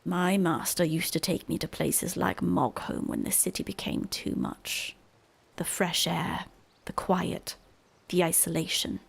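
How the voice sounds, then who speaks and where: Woman streamer reading a moody young male dark knight: low, gravelly, measured. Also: big pitch swings, full character voice. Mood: wistful. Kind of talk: reading game dialogue aloud.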